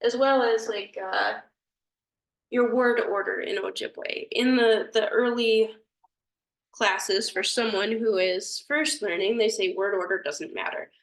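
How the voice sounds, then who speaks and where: A woman talks slowly through a grammar lesson, often pausing to think aloud and searching for a better way to explain. Her voice sounds roomy and a little distant from the mic. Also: mid-range voice, steady tone, gravelly. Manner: thinking aloud, hesitant, apologetic. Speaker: language teacher.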